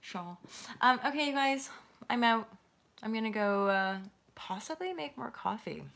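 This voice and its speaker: A woman's voice: on the high side, lively intonation, measured pace, creaky, a bit bright. A woman hosting a live tarot stream, chatting loosely with her viewers and laughing often.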